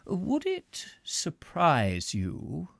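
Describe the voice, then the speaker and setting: Guy voicing a placid slow official, soft drawn-out questions, audiobook, dry sound. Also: a little high, wildly swooping pitch, gravelly, no echo, voice pushed up, full character voice. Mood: placid probing. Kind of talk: audiobook character voice.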